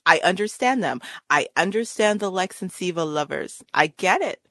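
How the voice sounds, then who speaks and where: Bright-voiced woman ranting animatedly. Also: on the low side, moderate pace, no echo, studio quality. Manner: animated, laughing, exasperated ranting. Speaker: podcast co-host reviewing a TV series. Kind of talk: casual chat.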